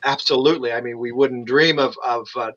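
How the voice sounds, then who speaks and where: A man helping organize a convention, joining an interview and talking in a hurried way with many fillers. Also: mid-range voice, fairly even intonation, over a noisy crowd. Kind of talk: interview chat. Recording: dull distant sound.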